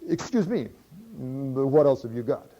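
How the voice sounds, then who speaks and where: A man voicing a sly, shrewd landowner who keeps pushing a bargain in a coy, drawn-out way. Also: medium pitch, very animated, warm tone. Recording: dull lo-fi recording.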